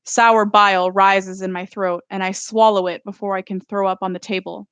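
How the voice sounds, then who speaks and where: A woman reads her own novel aloud in an even, steady first-person narration. Her voice sits at a middle pitch, and it is recorded close and dry, as on a live stream from home. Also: moderate pace, smooth, dry recording. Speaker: author.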